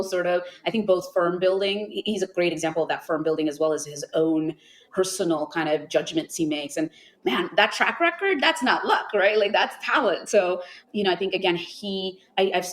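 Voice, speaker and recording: A middle-aged woman answering interview questions as a venture investor, animated, with lots of fillers and asides. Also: on the low side, poor audio. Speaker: venture capital investor guest.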